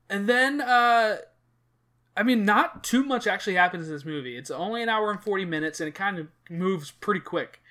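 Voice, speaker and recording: A man's voice: on the high side, sharp tone. A man hosting a casual podcast chat, retelling a movie plot in a rambling way full of fillers and restarts. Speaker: podcast host.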